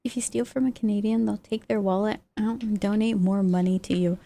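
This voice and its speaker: A woman talks casually to her live-stream audience in a medium-pitched voice. She is chatty and answers her viewers' comments as she goes. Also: fairly even intonation, fairly quick, vocal fry, dark tone. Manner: chatty, reacts to chat messages. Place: lives in the United States.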